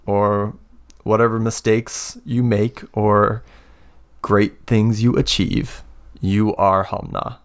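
A man voicing a solemn older woman who leads a clan, speaking deliberately. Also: fairly low pitch, flat delivery.

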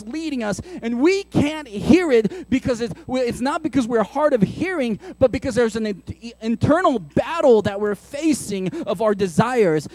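High-voiced man preaching animatedly. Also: no echo. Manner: animated, conversational preaching with playful asides. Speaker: pastor. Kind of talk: sermon.

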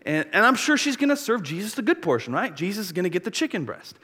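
Fairly high-voiced guy preaching in a big church, lots of hall reverb, jumps into little character voices. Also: fast, husky. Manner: animated, acts out biblical characters in voices. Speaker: pastor. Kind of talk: sermon.

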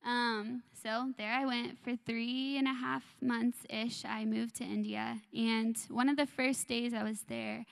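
Soft, earnest young woman with gravelly fry. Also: on the high side, little pitch movement, a little slow, few pauses. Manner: soft, earnest, with frequent ums. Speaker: worship leader sharing a testimony. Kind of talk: personal testimony in church.

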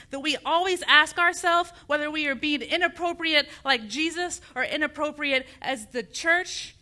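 A woman's voice: high voice, bright, forceful tone. A woman preaching an impassioned sermon, building to fervent outrage. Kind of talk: passionate sermon.

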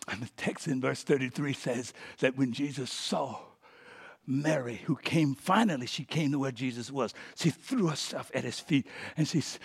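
Pastor guy preaching, husky voice, goes from whisper to shouting, keeps saying come on now. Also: mid-range voice. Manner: swings from hushed whispers to shouted climaxes. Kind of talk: sermon.

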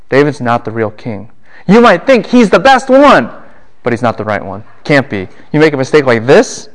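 A man lecturing a class on the Bible, animated and full of rhetorical questions. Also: mid-range voice.

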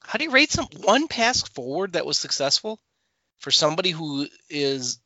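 A man's voice: a little high, sing-song, pushed and bright, no echo. A man co-hosting a soccer podcast who rates players in casual chat and often stammers into his sentences. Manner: quick stammering restarts. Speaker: soccer podcast co-host giving player ratings. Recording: dry, dull lo-fi audio.

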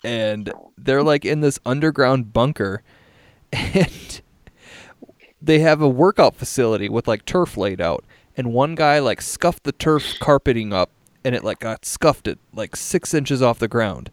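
A podcast host chatting casually over a video call, telling rambling stories, laughing and swearing freely. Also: male voice, medium pitch, animated, unhurried, no echo.

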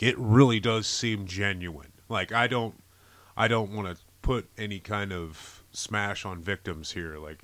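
A man co-hosting a casual podcast, high on cannabis, swearing a lot and getting loud and shrill when outraged. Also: no room sound. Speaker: podcast co-host.

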